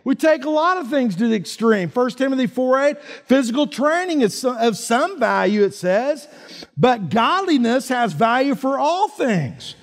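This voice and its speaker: High-voiced man preaching in a church. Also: sing-song, normal speed. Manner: folksy, emphatic preaching with many "man" and "right?" asides. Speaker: pastor. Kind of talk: sermon. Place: church sanctuary. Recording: church hall reverb.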